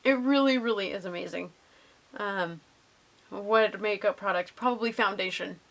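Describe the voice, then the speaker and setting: A woman's voice: mid-range voice, measured pace. A young woman casually answering viewer questions in a vlog, bubbly and gushing with lots of ums.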